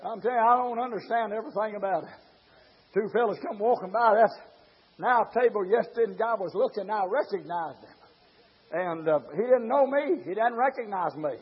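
A man preaching a fervent sermon in shouted rhythmic bursts, with quieter asides between. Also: sits high, a little fast, breathy edge. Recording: dull lo-fi recording with faint congregation.

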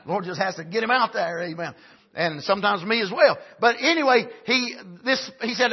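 Male camp-meeting preacher, raspy, rising to shouts. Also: sits high, brisk, lo-fi sound. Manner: frequent "amen", builds to shouts. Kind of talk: sermon.

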